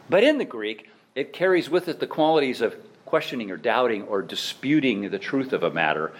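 A man's voice: medium pitch, slight background noise. A middle-aged man, a pastor, preaching a sermon with emphatic exhortation and self-deprecating asides.

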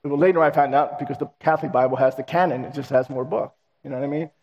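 Animated storytelling pastor, man. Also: medium pitch, quick pace, a little hiss or hum. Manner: animated, acts out dialogue. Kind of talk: sermon storytelling. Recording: reverberant hall.

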